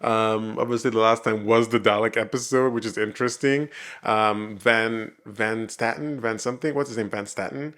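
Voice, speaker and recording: A man's voice: fairly low pitch, fairly even intonation, moderate pace, fairly bright tone. A man giving casual reaction commentary on a TV episode, rambling with many fillers and restarts and laughing often. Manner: laughs often while talking. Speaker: reaction video host.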